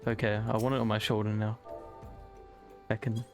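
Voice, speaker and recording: A man casually chatting to himself and his chat while playing a game, excitable and prone to swearing. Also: fairly low pitch, moderate pace, faint music behind. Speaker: streamer.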